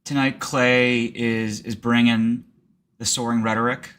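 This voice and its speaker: A man co-hosting a political commentary show, ranting in an animated, sarcastic and profane way. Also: medium pitch, a little slow, smooth. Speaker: co-host.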